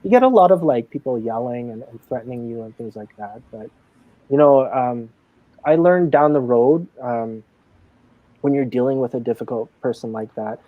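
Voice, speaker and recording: A man's voice: mid-range voice, animated, normal speed, no room sound, phone-quality sound. A man in a casual live interview, telling stories from his casino job in a chatty way, full of fillers and acted-out quotes. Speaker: casino dealer and games manager.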